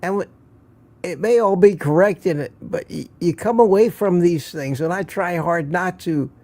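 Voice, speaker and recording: A man's voice: high-pitched, normal speed, darkish tone. An older man hosting a casual morning livestream, musing and rambling, a bit out of breath, with sighs and restarts. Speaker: livestream host.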